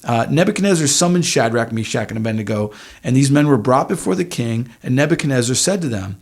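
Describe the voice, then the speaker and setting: A man's voice: mid-range voice, lively intonation, quick pace. A man giving a casual Bible teaching on a church podcast, talking conversationally with frequent fillers and emphatic rises.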